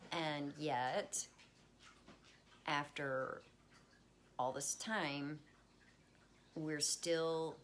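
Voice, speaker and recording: A woman's voice: low voice, steady tone, very slow, long pauses, fairly bright tone, a little hiss or hum. A woman hosting a casual wellness talk from home, chatty and reassuring. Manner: chatty, reassuring, talks baby talk to her cat. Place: at home with pets.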